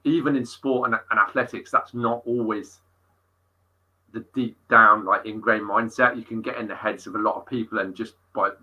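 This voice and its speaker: A middle-aged fitness coach tells gym stories in an animated, sweary podcast chat. His voice is forceful and tense, with a husky edge. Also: lowish voice, moderate pace, muffled recording. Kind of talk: casual interview storytelling.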